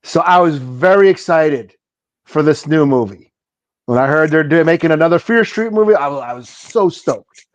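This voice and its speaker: A man co-hosting a podcast in a relaxed, easygoing way with casual slang. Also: fairly high pitch, moderate pace, no room sound, lo-fi sound. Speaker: podcast co-host. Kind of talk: casual chat.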